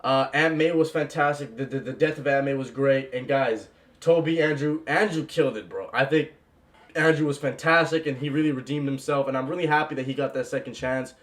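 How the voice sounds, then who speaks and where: A young man in an excited, casual movie reaction vlog, gushing and repeating "bro" and "man". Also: medium pitch, brisk.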